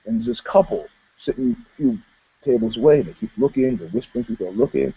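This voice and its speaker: A man co-hosting a podcast, telling stories in casual chat in an animated, laughing way. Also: on the low side, fast, breathy edge, lo-fi sound. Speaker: podcast co-host.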